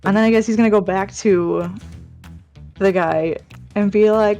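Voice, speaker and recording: A woman's voice: mid-range voice, steady tone, normal speed, dark tone, soft background music. Woman player in a tabletop game, chill mid voice, laughing, explaining her moves. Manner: casual, laughing, describes actions. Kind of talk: casual tabletop game play.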